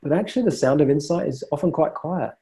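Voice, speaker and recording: Emphatic male coach with a very bright voice. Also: a little high, animated, fast talker. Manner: emphatic, repeats words when starting phrases. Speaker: coach and host. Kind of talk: live coaching call.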